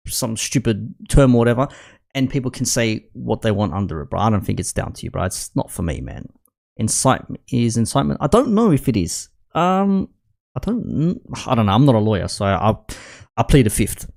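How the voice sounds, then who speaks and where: A man's voice: medium pitch, vocal fry, a little mellow. Rambling man streaming commentary. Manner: rambling, restarts often, says bro and man. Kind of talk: casual live commentary.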